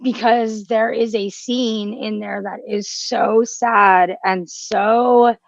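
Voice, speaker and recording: A woman's voice: a little high, fairly even intonation, slow, gravelly, no echo, highs cut off. A woman co-hosting a casual podcast chat, gushing and emotional, with frequent restarts and fillers. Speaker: podcast co-host.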